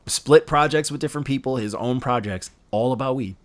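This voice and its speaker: A man co-hosting a podcast, chatting casually about rap albums, animated and laughing often, swearing freely. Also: mid-range voice, fairly quick. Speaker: podcast co-host. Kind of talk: casual music review chat.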